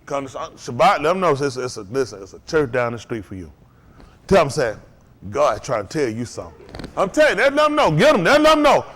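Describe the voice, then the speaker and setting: A man preaching to a congregation, calling out to them and rising to shouts. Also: a little high, very animated, brisk. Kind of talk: sermon.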